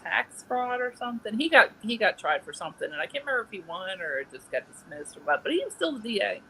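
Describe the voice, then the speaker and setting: A woman's voice: medium pitch, big pitch swings, fast, gravelly, sharp tone, slight background noise, poor audio. A woman, co-hosting a casual podcast chat, rambling through stories and laughing often. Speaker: podcast co-host.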